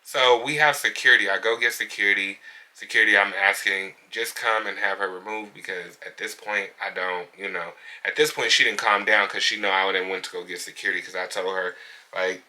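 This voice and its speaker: A fairly quick, forceful, bright tone carries this hairstylist's steady, lowish voice. The salon owner candidly recounts a bad encounter with a client in a casual vlog, his conversational retelling full of indignation.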